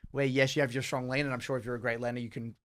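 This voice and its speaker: A man co-hosting a gaming podcast, talking in a rapid, excitable way with lots of restarts and repeated words. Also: medium pitch. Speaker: podcast co-host. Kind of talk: casual gaming podcast chat.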